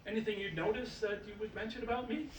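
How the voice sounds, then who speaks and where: A man voicing an old male Broadway producer in a brisk, matter-of-fact way during a joke. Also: sits high, steady tone, roomy sound, far from the mic, slight background noise, pitched above the performer's own voice, lightly acted, low-quality recording.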